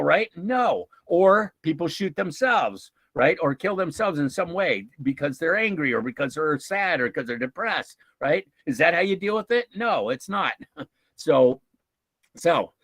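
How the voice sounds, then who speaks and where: Animated man fielding questions. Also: a little high, no echo, rough recording. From United States. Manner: animated, chuckling, with many restarts and acted-out quotes. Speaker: guest speaker from a nonprofit. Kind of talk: informal talk answering audience questions.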